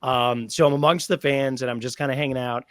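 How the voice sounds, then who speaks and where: A man in his thirties, a stadium announcer, telling long, animated stories with many fillers as a guest in a podcast interview. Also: medium pitch, a little fast, dry recording.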